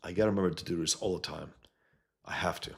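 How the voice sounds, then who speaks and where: Deep gravelly-voiced man, blunt livestream host. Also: steady tone, fast talker. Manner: blunt, rambling, often trails off mid-sentence. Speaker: livestream host reading chat. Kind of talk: casual livestream chat.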